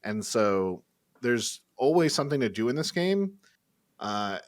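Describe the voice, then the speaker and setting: A man co-hosting a gaming podcast, chatting casually and excitedly with swearing and filler words. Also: mid-range voice, unhurried. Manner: animated, swearing, "like" and "dude" fillers. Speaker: podcast co-host. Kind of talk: casual chat.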